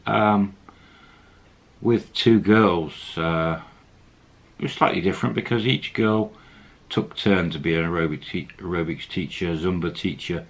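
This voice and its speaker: Deep husky storyteller man. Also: a little slow. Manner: rambling, with fillers and laughs. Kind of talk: casual storytelling.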